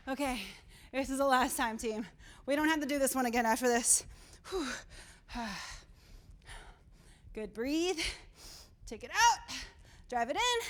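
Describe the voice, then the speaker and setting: A woman leading a workout as she exercises along with it. She is out of breath, pushing her listeners on and counting down each set. Her voice sits high. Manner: energetic, encouraging, counting down. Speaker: fitness instructor. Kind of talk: live workout coaching.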